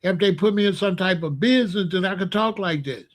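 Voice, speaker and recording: A man giving casual, animated commentary with emphatic repetition and sudden loud outbursts. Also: high voice, fairly quick. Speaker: commentary vlogger.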